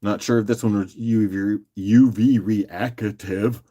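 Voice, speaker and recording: A man hosting a casual live-stream rock auction, joking and chatting with viewers by name in a loose, unhurried way. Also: on the low side, steady tone, dark tone, breathy edge. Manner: loose and unhurried, with fillers and restarts while doing other tasks.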